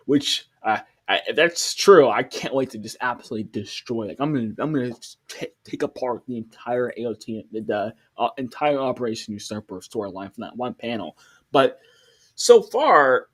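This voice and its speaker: Husky-voiced man doing rambling reaction commentary. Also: medium pitch. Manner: rambling, with many restarts and fillers; incredulous, questioning. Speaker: online comic reaction commentator.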